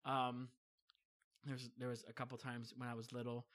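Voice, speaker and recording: A young man telling funny family stories in casual chat, animated and often acting out what people said. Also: medium pitch, normal speed. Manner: animated, acts out quoted voices, laughs often.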